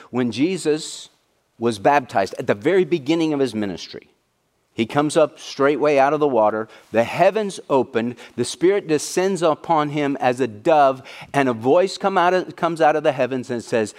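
A middle-aged man preaching a sermon to fathers, earnest and repeating key phrases for emphasis. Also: mid-range voice. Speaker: pastor.

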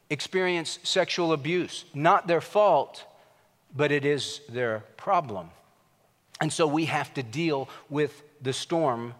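A man's voice: on the high side, a bit bright, in a large hall. A man preaching a sermon, telling stories in a conversational way and building to emphatic points. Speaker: pastor.

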